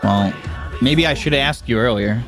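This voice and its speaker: A man casting a live esports match, calling the action in quick excitable bursts. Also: mid-range voice, soft background music. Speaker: esports caster. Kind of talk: play-by-play commentary.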